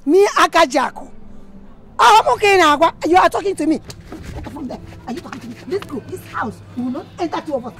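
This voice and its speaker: An actress with a Nigerian accent playing a bossy, middle-aged mother who scolds loudly and repeats herself. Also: sits high. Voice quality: loud, scolding, repetitive shouting. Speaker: mother in a film. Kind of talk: film dialogue.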